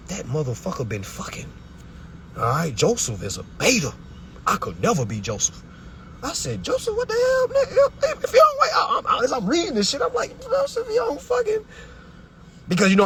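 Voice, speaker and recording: A man's voice: medium pitch, slight background noise. A young man hosting a live stream, ranting in a confrontational, preachy and profane way from inside a vehicle.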